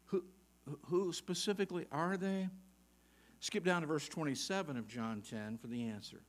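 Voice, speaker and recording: A man preaching a sermon, reading scripture aloud and putting pointed questions to his listeners, with occasional chuckles. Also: on the high side. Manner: emphatic, asks the congregation rapid questions, reads scripture aloud.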